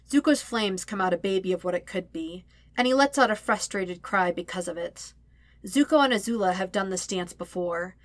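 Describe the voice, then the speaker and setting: A woman reading a story aloud as narrator, with steady, even storytelling. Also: medium pitch, no room sound. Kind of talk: audiobook-style fan fiction reading.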